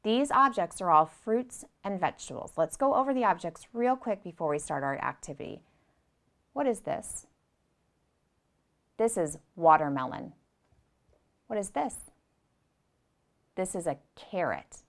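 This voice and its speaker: A young woman teaching preschoolers, gentle and patient, speaking slowly and clearly and repeating her directions. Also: fairly low pitch, lively intonation. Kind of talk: slow, clear lesson for young children.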